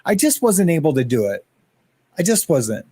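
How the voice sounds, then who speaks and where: A man chatting loosely on his own livestream, greeting viewers one by one as he rambles between topics. His voice sits on the higher side, and the sound is dry and close with little room echo. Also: big pitch swings, normal speed, warm tone, husky. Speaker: livestream host. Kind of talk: casual livestream chat.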